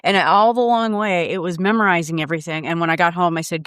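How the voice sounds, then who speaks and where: Woman, panel guest, dry close sound, casual animated storytelling. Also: lowish voice, brisk, few pauses, no echo. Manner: animated storyteller, acting out quotes. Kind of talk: casual anecdote telling. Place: live event stage.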